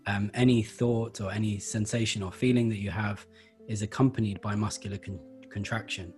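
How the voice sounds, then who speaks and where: A man explaining Feldenkrais practice in a relaxed interview, thoughtful and hesitant, with many fillers. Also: fairly low pitch, brisk, faint music behind. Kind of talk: conversational interview.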